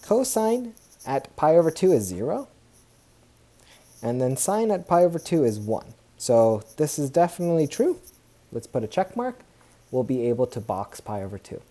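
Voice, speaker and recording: A man's voice: on the high side, big pitch swings, moderate pace, mellow. A man teaching a math lesson over a tablet screen recording, chatting as he works, correcting himself and cheering when things go right. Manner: chatty, self-correcting, upbeat exclamations.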